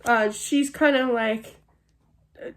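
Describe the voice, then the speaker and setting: A woman's voice: on the high side, steady tone, slow pace. Chatty woman giving a spirit reading. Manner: chatty, laughs often, many fillers. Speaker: psychic medium.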